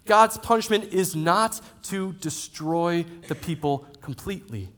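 Guy in his 30s giving a sermon in a church, gets loud then drops soft, casual asides between points. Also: fairly high pitch, unhurried, hardly any pauses. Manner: animated preaching with sudden loud and soft swings. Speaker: pastor. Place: church auditorium. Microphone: handheld or headset mic.

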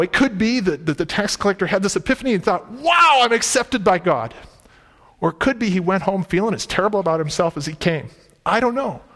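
Conversational preacher with a high voice. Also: male voice. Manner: conversational, emphatic, paraphrasing scripture in everyday speech. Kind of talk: sermon. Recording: reverberant hall.

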